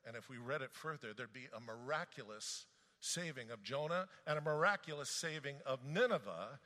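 A male preacher with a bright, forceful tone talks through scripture in a conversational, animated style. His pitch swings widely, and his voice sits a little above the usual for a man. Long reverb from a large hall trails behind every phrase. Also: moderate pace. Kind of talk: sermon.

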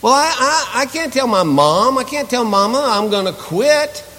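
A man's voice: very high-pitched, animated, moderate pace, bright, forceful tone, in a large hall, voice pushed up, full character voice. A man voicing a reluctant, pleading young male disciple who stammers and repeats himself. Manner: pleading, repetitive, faltering.

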